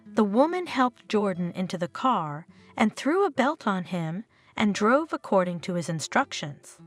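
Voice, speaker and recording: A woman narrating a scripted story in a steady storybook reading manner. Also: mid-range voice, a little slow. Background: faint guitar music.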